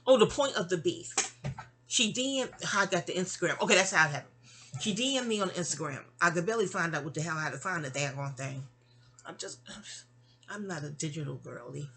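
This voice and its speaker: A woman's voice: fairly low pitch, expressive, fairly quick, fairly bright tone. Rambling middle-aged woman storyteller. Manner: rambling, digressive and chatty, with asides. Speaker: vlogger. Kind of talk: casual storytelling monologue. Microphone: phone.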